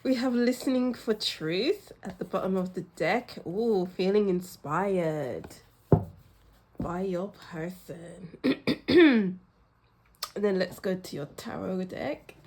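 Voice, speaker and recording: Woman doing a tarot reading, talks slow, gushy and emotional, lots of sighs and little laughs. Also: medium pitch, animated, slight background noise. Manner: effusive and emotional, often laughing and sighing; talks straight to the viewer, warm and reassuring. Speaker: tarot reader. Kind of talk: pick-a-card tarot reading to camera.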